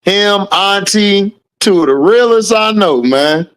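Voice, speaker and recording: A man's voice: sits high, animated, takes it slowly, a bit bright, clean tone. A man hosting a casual livestream, reading out viewer names and answering the chat, laughing often. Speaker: livestream host. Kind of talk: casual live-chat commentary.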